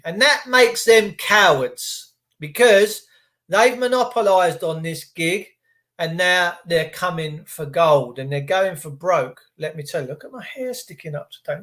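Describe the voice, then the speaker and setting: High-voiced man ranting on a livestream. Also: fairly bright tone. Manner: indignant, sarcastic, talks straight to his chat viewers. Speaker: livestream host.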